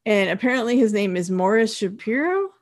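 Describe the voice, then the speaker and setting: Woman on a podcast casually retelling a tv episode, relaxed and chatty. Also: mid-range voice, fairly quick. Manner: relaxed, chatty storytelling with fillers. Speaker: podcast co-host. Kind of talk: casual chat recapping a TV episode.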